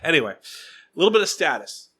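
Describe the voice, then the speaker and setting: Lively high-voiced man telling a story. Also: brisk, breathy edge. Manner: animated storyteller, acts out other people's lines. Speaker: podcast host. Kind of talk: casual chat.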